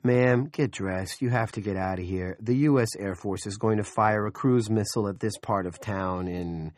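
A man's voice: on the low side, normal speed, a little mellow, dry recording, studio quality, close to an everyday voice. A man voicing a cocky, crude young male deputy in an audiobook, sarcastic and exasperated. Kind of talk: audiobook character voice.

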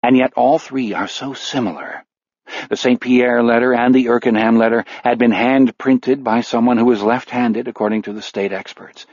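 A man narrating a dark novel in a measured, grim storytelling voice. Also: medium pitch, steady tone, no room sound. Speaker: audiobook narrator. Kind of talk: scripted narration. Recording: dull, dry studio audio.

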